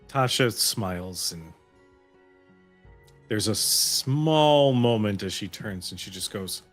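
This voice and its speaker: A man running a tabletop game as game master, narrating the scene slowly and warmly. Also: lowish voice, lively intonation, faint music behind.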